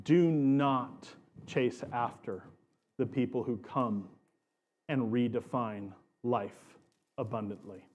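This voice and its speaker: A man's voice: medium pitch, slow, a little mellow, muffled recording. A man preaching a sermon as pastor of his church, earnest and emphatic, stretching out key phrases.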